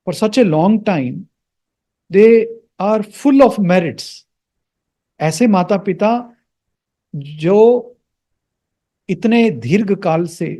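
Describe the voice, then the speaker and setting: A man's voice: high-pitched, mellow. A man teaching the pronunciation and meaning of Sanskrit mantras, patiently repeating words and checking in with "Hmm?". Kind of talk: explaining and pronouncing mantras.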